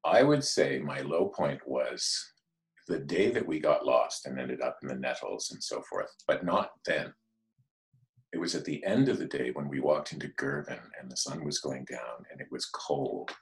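Man, very low voice, halting, thoughtful, casual recollection. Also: lively intonation, gravelly, soft background music, rough recording. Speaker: guest.

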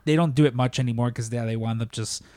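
A man's voice: mid-range voice, fairly even intonation, quick pace, dark tone, no room sound, studio quality. A man co-hosting a podcast, telling rambling workplace stories in casual chat and swearing freely. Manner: rambling anecdotes, acts out quotes, swears freely. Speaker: podcast co-host.

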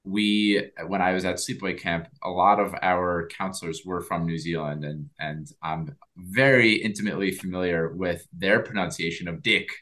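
Deep-voiced male podcast host. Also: fairly even intonation, normal speed, hardly any pauses, pushed and bright. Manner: thoughtful, playful, casually swearing. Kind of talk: interview podcast conversation.

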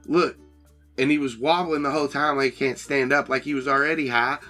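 Bright-voiced man role-playing at the table. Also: medium pitch, steady tone, fairly quick, faint music behind. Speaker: tabletop game player. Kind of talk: in-character tabletop role-play.

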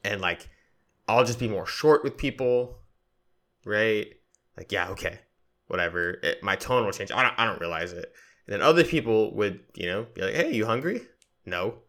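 Deep bright-voiced man, casual podcast talk. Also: expressive, normal speed. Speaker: podcast co-host.

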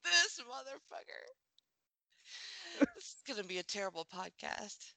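A woman's voice: medium pitch, big pitch swings, a little slow, creaky, bright, forceful tone. A woman hosting a podcast, chatting casually while watching TV, giggly and blunt, swearing freely. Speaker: podcast host.

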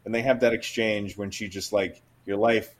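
A man's voice: fairly low pitch, steady tone, moderate pace, a little hiss or hum. A man co-hosting a casual movie podcast, talking with enthusiasm about the acting in a film. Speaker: podcast co-host.

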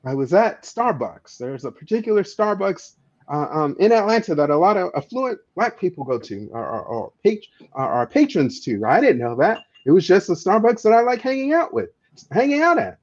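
Emphatic man with a lively high voice. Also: moderate pace. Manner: emphatic, stammering repeats of words. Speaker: political activist guest. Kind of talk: impassioned storytelling in conversation. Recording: dull lo-fi audio.

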